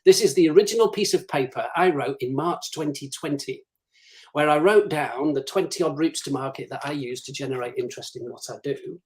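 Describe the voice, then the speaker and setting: On a live-streamed interview, a male guest with a somewhat high voice talks a little fast while offering practical business development advice, acting out the questions clients ask him. The recording quality is low.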